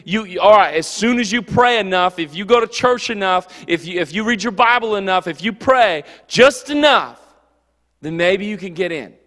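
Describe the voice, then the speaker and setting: A youth pastor with a high, light voice, preaching in a lively, joking way. His talk rings out with a long reverb in a church hall. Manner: animated, jokey, puts on quick character voices. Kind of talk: casual youth sermon.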